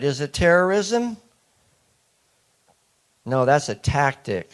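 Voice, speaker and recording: A man's voice: medium pitch, measured pace. A man giving a public lecture, emphatic and repeating key points, often putting questions to the audience. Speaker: speaker addressing an audience.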